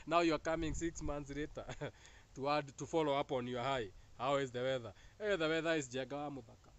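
A man's voice: mid-range voice, slight background noise, low-quality recording. A man with a Kenyan accent giving a casual spiritual monologue, joking and laughing often between teasing and preachy asides. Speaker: spiritual talk host.

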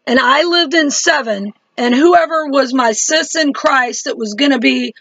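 A woman's voice: high voice, unhurried, fairly bright tone, dry recording, lo-fi sound. A woman chatting to her viewers in a casual religious video diary, laughing easily. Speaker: Christian vlogger.

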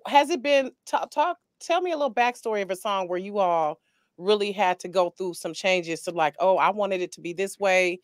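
Woman in her 40s, keen interviewer, dry close mic, mid pitch. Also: dry recording. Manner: eager, quick follow-up questions with restarts. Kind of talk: enthusiastic interview questions.

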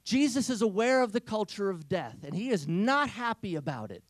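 A man giving an energetic, humorous inspirational talk to teenagers, telling stories. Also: high-pitched, moderate pace, no echo. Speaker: speaker.

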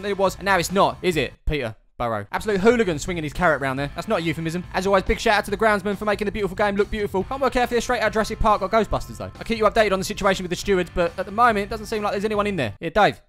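High, fast-talking man narrating. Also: fairly bright tone. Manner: dry, sarcastic asides. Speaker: vlog host and narrator. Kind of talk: jokey scripted voice-over narration. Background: background music.

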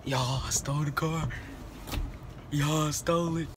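A young man vlogging a prank, talking fast and nervously to his phone camera in slangy casual speech. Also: a little high, steady tone, background noise. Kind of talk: casual vlog talk to camera.

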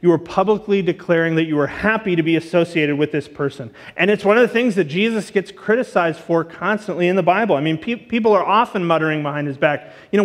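A man's voice: a little high, a little fast. A man giving a casual, chatty sermon as a guest teacher, full of asides and fillers. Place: church auditorium. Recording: long church reverb.

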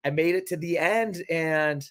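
A young man chatting casually as a podcast guest, telling lively stories and acting out quotes from others. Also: on the high side, a little slow. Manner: animated storyteller, quotes others in lively voices. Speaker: podcast guest, reality show contestant. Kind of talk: casual chat.

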